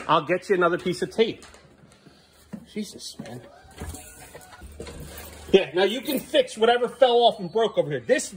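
Man, father, exasperated, scolding, lively pitch, noisy home recording. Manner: exasperated, scolding, loud and sharp at times. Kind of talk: family home vlog.

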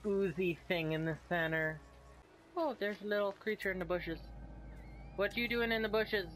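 A man's voice: sits high, fairly even intonation, a little slow, fairly bright tone, slight background noise. A man giving casual, playful commentary while playing a game and chatting to the creatures on screen. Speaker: gaming video host.

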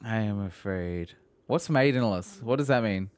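A young man giving profane, excitable let's play commentary, laughing and mocking as he plays. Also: fairly low pitch, moderate pace. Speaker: gaming video host.

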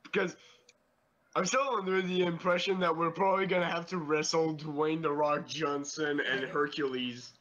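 Bright-voiced joking man player. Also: fairly high pitch, flat delivery, moderate pace, muffled recording. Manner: joking, casual. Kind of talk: tabletop game play.

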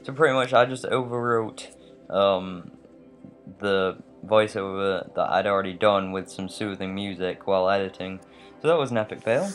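Low-voiced English let's play host, slightly American-tinged, rambling gameplay voiceover over faint music. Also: male voice. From England. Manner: rambling and chatty, with many fillers and tangents.

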